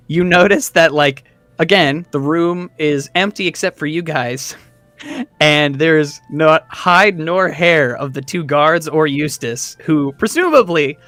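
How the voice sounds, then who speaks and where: A man's voice: a little high, a bit bright, dry recording. A man narrating as dungeon master in a tabletop game, loose and chatty with fillers and laughter.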